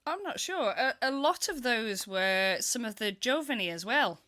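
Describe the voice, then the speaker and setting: Woman panelist, bright voice, measured and thoughtful. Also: on the high side, lively intonation. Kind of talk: live panel chat.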